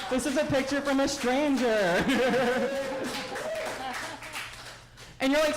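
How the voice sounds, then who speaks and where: A man's voice: very high-pitched, slow pace, long pauses, echoey room, slight background noise, rough recording. Self-mocking male stand-up comic. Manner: self-mocking, animated storytelling. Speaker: stand-up comedian. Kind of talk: stand-up set.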